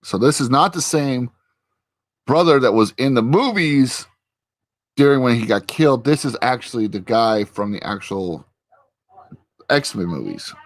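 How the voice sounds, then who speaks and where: A man's voice: medium pitch, lively intonation, a little slow, long pauses, no room sound. A man hosting a casual chat, rambling as he retells a show's scenes and slips into the characters' lines. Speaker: host. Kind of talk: casual show recap chat.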